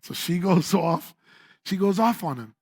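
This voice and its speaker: Pastor, male, high-pitched voice, chatty sermon delivery with playful asides. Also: lively intonation, measured pace, darkish tone, breathy edge. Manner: conversational and humorous, acting out scripture voices. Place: church.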